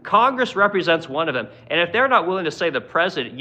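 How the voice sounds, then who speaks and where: A man's voice: fairly high pitch, very animated, fast talker, sharp tone. A man hosting a political livestream, ranting in a profane, exasperated way and mocking politicians in quoted voices.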